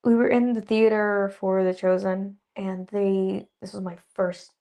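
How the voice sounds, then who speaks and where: A young woman, an actress guest, chatting casually in an interview and telling lively stories with laughs and acted-out quotes. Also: medium pitch, measured pace, gravelly. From Dallas area. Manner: animated storyteller, laughs often, acts out quotes.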